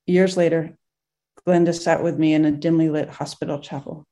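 A group teacher reading a moving story aloud in a gentle way, with pauses and restarts. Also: medium pitch, little pitch movement.

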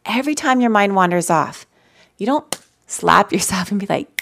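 A woman telling personal stories in a gentle, conversational way as she leads a live mindfulness talk for an audience. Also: mid-range voice, animated, moderate pace, gravelly, a little hiss or hum. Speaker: mindfulness teacher. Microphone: handheld mic.

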